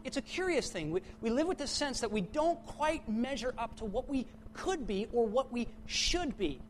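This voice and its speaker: A man's voice: extremely high pitch, a little hiss or hum. A man preaching a sermon in an earnest way, often repeating words and correcting himself as he goes.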